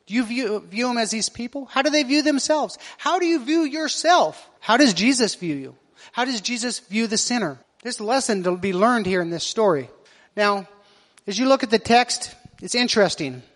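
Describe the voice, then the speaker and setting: A male pastor with a very high voice delivers a sermon. He keeps putting questions to his congregation, and his words ring out through a church hall with a long reverb. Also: expressive, moderate pace, a bit bright. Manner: asks the congregation rhetorical questions.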